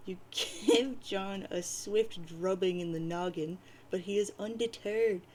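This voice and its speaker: A woman's voice: medium pitch, slow pace, darkish tone, a little hiss or hum, low-quality recording. A woman casually reading a webcomic aloud, with playful, wry asides. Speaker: reader of a webcomic.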